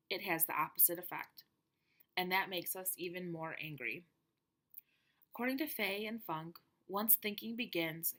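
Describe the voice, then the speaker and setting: A woman's voice: lowish voice, fairly bright tone. Woman reading a teaching presentation.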